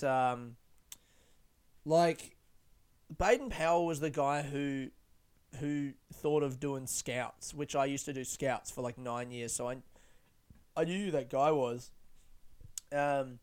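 Brief: young Aussie guy, smooth clear voice, slightly high, loose sweary solo podcast ramble. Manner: rambling, sweary and self-mocking. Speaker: podcast host. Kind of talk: casual solo podcast chat.

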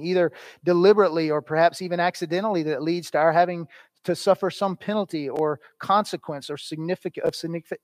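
A man with a slightly high voice preaches an earnest sermon. He swings from loud, stressed phrases down to hushed lines. The sound is dry and close, with no room echo. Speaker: pastor.

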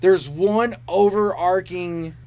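A man's voice: high voice, slow pace, darkish tone. A man co-hosting a podcast in casual chat, enthusiastic and emphatic. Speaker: podcast co-host.

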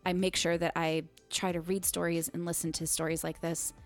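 Low-voiced woman telling a story. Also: a little fast, faint music behind. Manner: animated storyteller, acts out quoted voices, laughs often. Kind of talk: casual chat, storytelling.

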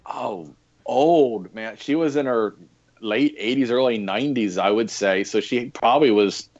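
A man's voice: medium pitch, measured pace, darkish tone. A man on a podcast casually telling rambling anecdotes about his past jobs, with lots of fillers and laughs. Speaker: podcast guest, former historic fort coordinator and EMT. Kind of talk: casual interview storytelling. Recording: dull lo-fi remote audio.

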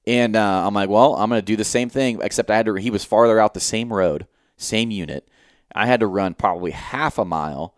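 A man with a low, smooth, resonant voice recounts a hunt to his podcast co-host in relaxed chat. He swears freely and acts out his own inner thoughts. The sound is close and dry. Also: fairly quick, dry recording. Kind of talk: casual hunting story.

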